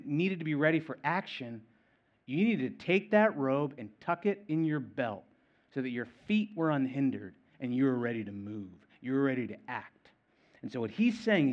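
A man preaching a sermon, stressing and repeating key phrases, swinging between loud and quiet. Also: on the high side, highs cut off. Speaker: pastor.

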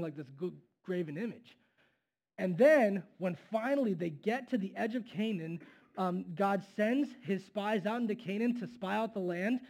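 A man with a notably high voice preaches in a loose, conversational way. He teaches like he's talking with friends and often checks in with the listeners. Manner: conversational and relaxed, with asides and questions to the listeners. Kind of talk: casual sermon teaching.

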